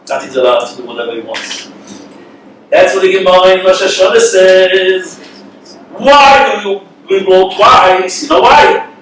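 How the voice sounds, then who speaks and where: Man, rabbi, high voice, animated storytelling sermon, very echoey room, distant mic, faint background noise. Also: moderate pace. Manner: animated, acts out the characters in his stories, sprinkled with Hebrew and Yiddish.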